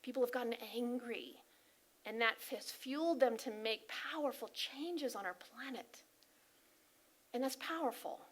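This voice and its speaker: A woman giving an inspirational sermon talk as a spiritual practitioner, earnest and animated, often asking her listeners questions. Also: fairly high pitch, a little slow. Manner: animated and emphatic, acting out angry voices. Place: spiritual center service.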